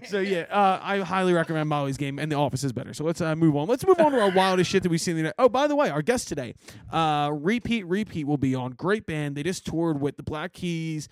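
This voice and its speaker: A man's voice: fairly high pitch, lively intonation, a little fast, no room sound. A man hosting a podcast, chatting in a rambling, laughing way and swearing casually. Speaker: podcast host. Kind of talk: casual chat.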